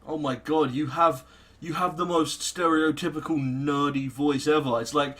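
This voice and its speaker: A British man commenting on his own gameplay in a loose, sarcastic way, with a bright, sharp tone. He mutters asides to himself and swears without much thought, like a let's play host talking to his viewers. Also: on the high side, fairly even intonation, normal speed, few pauses. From Britain.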